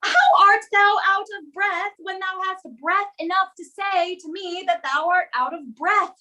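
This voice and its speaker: A woman playing a very high, impatient young girl in love. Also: a little slow, pushed and bright, heavily acted. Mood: pleading. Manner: pleading, impatient. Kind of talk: amateur stage reading of a classic play.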